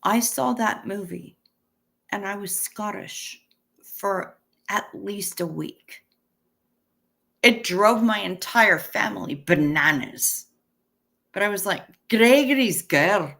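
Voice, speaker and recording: Bright-voiced woman in her 50s, slow and chatty, swears a lot while reading her stream chat. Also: mid-range voice, vocal fry. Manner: chatty and profane, thanks viewers. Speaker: livestream host reading chat. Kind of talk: casual livestream chat. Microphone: webcam stream setup.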